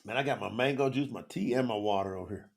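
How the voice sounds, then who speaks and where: A man's voice: lowish voice, fast talker, creaky. A man teaching scripture on a livestream, talking straight to the viewers in the chat, emotional and close to tears.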